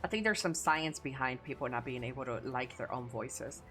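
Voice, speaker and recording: A woman's voice: extremely low pitch, moderate pace, fairly bright tone, faint music behind. A woman streamer with a Chicano English accent, chatting casually, blunt and profane.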